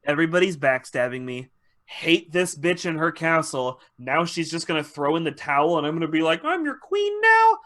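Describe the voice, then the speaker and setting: A man's voice: a little high, very animated, moderate pace, pushed and bright. Spiteful vengeful queen, furious, swearing, as a man puts her on. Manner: spiteful, profane.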